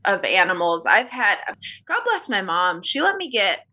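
An American woman co-hosting a podcast in casual chat, telling animated stories full of exclamations. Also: mid-range voice, normal speed, breathy edge. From United States. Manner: animated storyteller, exclamations and swearing. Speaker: podcast co-host.

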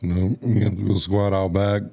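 A man co-hosting a live-stream podcast, talking in slangy, profane jokes with a gravelly voice. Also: low voice, little pitch movement, normal speed, mellow, muffled recording. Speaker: podcast co-host. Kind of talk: casual live-stream chat.

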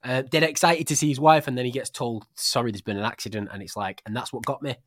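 A man's voice: medium pitch, fast, dry recording, studio quality. A man co-hosting a casual book podcast, blunt and chatty in a colloquial way. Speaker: podcast co-host.

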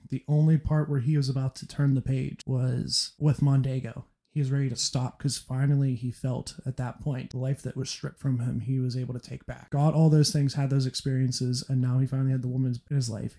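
A man hosting a podcast, chatting casually about movies and retelling scenes with animated laughter. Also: medium pitch. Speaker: podcast host.

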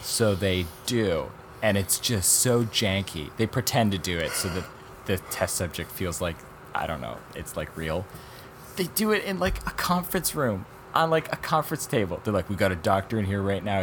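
A man with a low-pitched voice talks casually on a podcast, rambling through a documentary's story and acting out the people in it. There is a faint hum of noise behind him. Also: normal speed. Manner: rambling, animated retelling with quoted voices and laughs. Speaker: podcast co-host. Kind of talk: casual chat reviewing documentaries.

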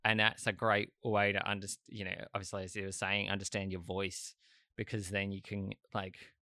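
Australian man hosting a casual chat, lowish pitch, bright forward tone, rambling delivery, dry close sound. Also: completely flat delivery, normal speed, no room sound. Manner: rambling, lots of fillers and restarts.

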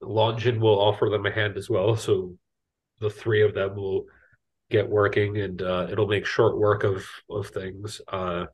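A man's voice: fairly low pitch, level tone, unhurried, husky. A man running a tabletop game as game master, casual and loose with plenty of restarts. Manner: casual, many fillers and restarts.

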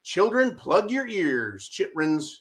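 Male host, fairly high voice, mocking and combative, ranting political commentary. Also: sing-song, slow. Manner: sarcastic, mocking, shouty rants with audience asides.

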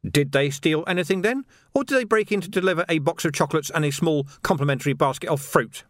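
Man narrating a weary watch sergeant, sarcastic, dry delivery, lively intonation. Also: medium pitch, brisk, dry recording, voice pushed up.

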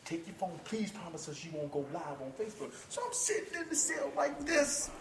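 A man's voice: sits high, big pitch swings, a little fast, vocal fry, reverberant, recorded from a distance, noisy background. A man telling a story in casual talk, acting out the voices of the people in it, laughing often and swearing freely. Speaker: podcast guest, combat sports fighter.

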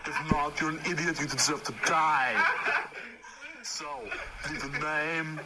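A man's voice: a little high, slow. Voicemail threat from a man doing a muscleman. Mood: threatening. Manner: deadpan threatening. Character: menacing bodybuilder on an answering machine, male. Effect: answering machine message. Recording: noisy tinny answering machine tape.

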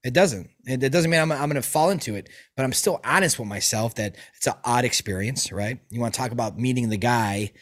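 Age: adult. Sex: man. Role: podcast host. Style: casual chat, profane storytelling, lots of restarts. Pitch: medium. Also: fairly quick, few pauses, a bit bright.

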